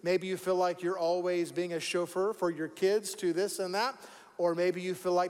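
A man's voice: high-pitched, a little fast, clean tone, in a large hall. A man preaching a sermon as pastor, conversational and repeating words for emphasis. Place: church sanctuary.

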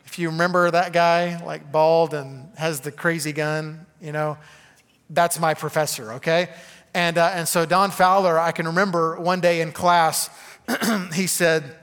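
A man's voice: on the high side, flat delivery, unhurried, a bit bright, long reverb tail. A man preaching a conversational sermon, full of "okay?" asides to the congregation. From Arkansas. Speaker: pastor.

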